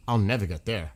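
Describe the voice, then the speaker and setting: Male streamer, low pitch, loose rambling chat with viewers, blunt and profane. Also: darkish tone. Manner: rambling, frank, swears freely. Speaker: livestream host. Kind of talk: casual livestream chat.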